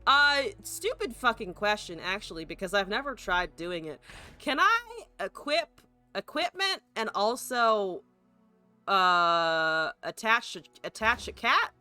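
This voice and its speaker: Ranting woman streamer, lively bright voice. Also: mid-range voice, slow, smooth, soft background music. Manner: exasperated ranting, swearing, rhetorical questions. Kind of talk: live stream card game commentary.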